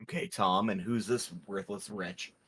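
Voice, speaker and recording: A man's voice: lowish voice, steady tone, unhurried, fairly bright tone, breathy edge. A man taking his turn in a tabletop game, describing his character's actions in first person with hesitant restarts. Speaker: player. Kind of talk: tabletop game role-play.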